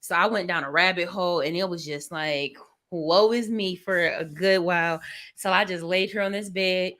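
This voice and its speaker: A young woman hosts a livestream from her bedroom, her lowish voice steady, bright and forceful at a normal speed. Candid and rambling, she vents emotionally to viewers about the fatigue and overwhelm of caring for a baby.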